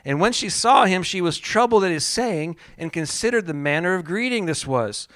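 A man's voice: a little high, animated, normal speed, a bit bright, dry recording, studio quality. A man preaching a sermon, calling out for the congregation to repeat after him, laughing often and telling stories with animation. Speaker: pastor.

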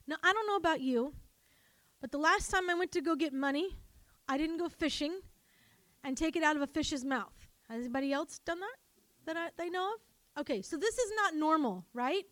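A woman preaching a sermon, animated and calling on her congregation to answer back. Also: high-pitched, moderate pace, no echo. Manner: animated, calls for congregation responses. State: coughing, choked up.

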